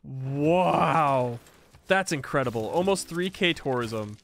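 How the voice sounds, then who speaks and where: Excitable high-voiced game streamer man. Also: slow, vocal fry. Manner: excitable, exclaiming and laughing at the game. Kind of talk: casual gameplay commentary.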